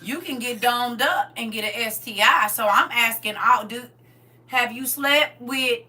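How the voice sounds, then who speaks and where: Middle-aged woman, candid podcast co-host, sassy and emphatic, bright edge, slightly high voice. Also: a little slow. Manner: blunt, sassy and emphatic, laughs often. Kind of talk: candid casual chat.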